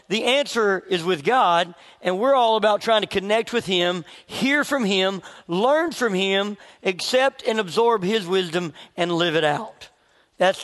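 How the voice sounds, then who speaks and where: A man with a high voice preaches a sermon, chatting with his congregation and asking them questions as he tells a story. His voice rings out with a long reverb, as in a large church hall. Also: a bit bright. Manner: conversational, asks the congregation questions. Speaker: pastor.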